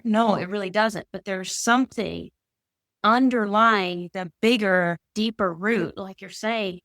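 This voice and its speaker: A woman's voice: medium pitch, vocal fry, fairly bright tone, no echo, clean studio sound. A woman who is a mindset coach, talking in an earnest, chatty, rambling way as a podcast guest. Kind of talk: casual conversation.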